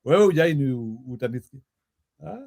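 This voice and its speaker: Man, Kenyan accent, livestream host, teasing and playful, high voice. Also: expressive, gravelly, darkish tone. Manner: teasing, playful, quick asides. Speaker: stream host. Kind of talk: casual chat mixing Swahili and English.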